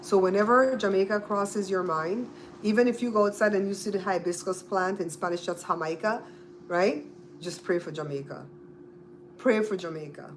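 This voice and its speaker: Casually chatting with viewers on her livestream, a woman with a Belizean accent repeats names and spells them out. Her voice is mid-range at a moderate pace, with slight background noise.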